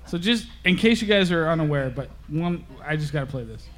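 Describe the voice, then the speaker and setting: A man co-hosting a podcast in casual, excitable chat, laughing often. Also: on the high side, fairly quick. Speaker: podcast co-host.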